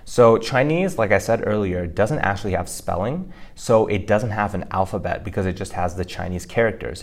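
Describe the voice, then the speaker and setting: A man co-hosting a language-learning podcast, explaining Mandarin pronunciation casually with frequent fillers. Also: deep voice. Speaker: podcast co-host teaching Mandarin.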